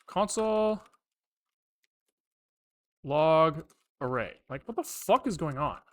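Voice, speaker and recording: A live-coding streamer talking through code as they type, reading out variables and loops. The pitch jumps around a lot, with plenty of frustrated swearing when things break. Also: lively intonation, slow. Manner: muttering code aloud, frequent frustrated swearing. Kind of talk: live coding, thinking aloud.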